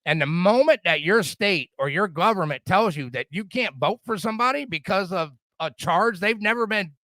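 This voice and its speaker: Fired-up profane man ranting, high bright voice. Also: animated, normal speed, no room sound. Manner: profane, fired-up, repetitive stammering restarts. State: drinking whiskey. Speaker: podcast host. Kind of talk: casual political rant.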